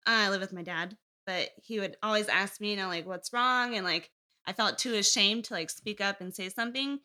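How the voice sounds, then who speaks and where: Bright-voiced young woman, candid and rambling. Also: mid-range voice, a little fast. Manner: rambling, candid, laughs often. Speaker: guest. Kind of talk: casual podcast interview.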